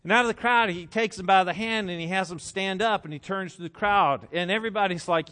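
A man delivering a sermon in a somewhat high voice. He tells his story dramatically, acting out the crowd's reactions, and swings between loud bursts and quiet, hushed passages. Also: brisk, hardly any pauses. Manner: animated, acts out crowd reactions. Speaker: preacher.

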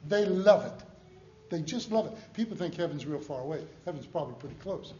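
An older man preaching a storytelling sermon in a folksy, humorous, animated way. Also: fairly high pitch, a little fast, echoey room, dull audio.

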